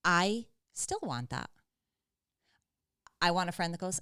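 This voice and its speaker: Woman, lowish smooth voice, casual co-host, animated, dry sound. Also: slow pace, no echo. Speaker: podcast co-host. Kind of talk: casual conversation.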